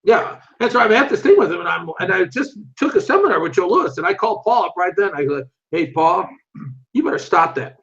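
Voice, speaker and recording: An older man with a high-pitched voice tells animated stories in a casual interview. He acts out what other people said and swears freely. The recording sounds muffled and lo-fi. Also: brisk, creaky. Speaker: interview guest, martial arts instructor. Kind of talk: casual storytelling.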